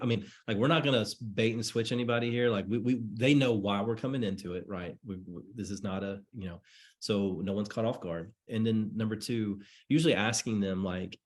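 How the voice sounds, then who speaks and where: A man with a low, somewhat husky voice talks through sales coaching on a call. He rambles in a friendly, repetitive way and slips into little acted-out conversations. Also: fairly quick. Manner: chatty, repetitive, acts out sample dialogues. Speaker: network marketing coach. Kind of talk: casual coaching talk on a call.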